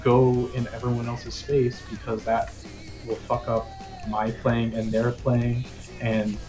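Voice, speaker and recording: A man's voice: mid-range voice, completely flat delivery, slow, dark tone, soft background music. A young man chatting casually on a stream, rambling and hedging with lots of "like". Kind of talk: casual chat.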